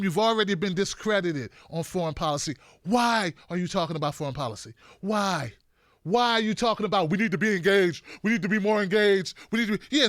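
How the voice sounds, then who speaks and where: Male political show host, high bright voice, sarcastic and animated, dry sound. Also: dry recording. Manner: animated, mocking, does impressions of politicians. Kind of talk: opinionated political commentary.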